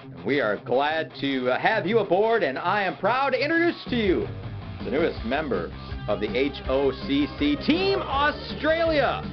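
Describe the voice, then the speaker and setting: A man's voice: on the high side, wildly swooping pitch, moderate pace. A man hosting a comedic mock sports talk show, pompous and self-important. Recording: dull lo-fi sound with music behind.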